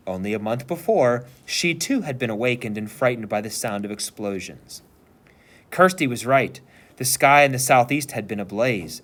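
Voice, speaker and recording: A man, a teacher, reading a novel aloud with expressive storytelling. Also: mid-range voice.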